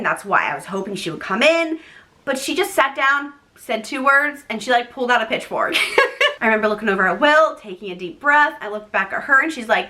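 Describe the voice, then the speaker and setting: A young woman telling a personal story to her vlog audience in a chatty, animated way, with frequent "like" and laughing asides. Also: high-pitched, fairly quick. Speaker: vlogger, first-time mom. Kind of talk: casual storytelling to camera.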